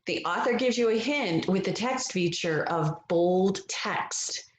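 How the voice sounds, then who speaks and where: A woman reading a picture book aloud as a phonics lesson, gentle and encouraging, stretching out the vowel sounds. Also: mid-range voice, animated, takes it slowly, echoey room. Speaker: reading teacher.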